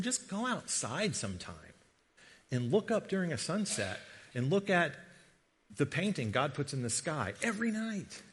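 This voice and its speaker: A middle-aged man, a guest preacher, giving a sermon with a humorous personal story, animated and joking as he tells it. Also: on the high side, husky. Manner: animated storyteller, jokey asides. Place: church sanctuary. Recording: long reverb of a large hall.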